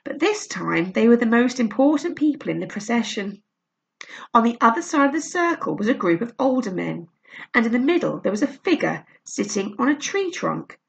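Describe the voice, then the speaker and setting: A woman reading a children's novel aloud, with a lively, expressive delivery. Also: a little high, normal speed, vocal fry, dull audio. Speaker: storyteller.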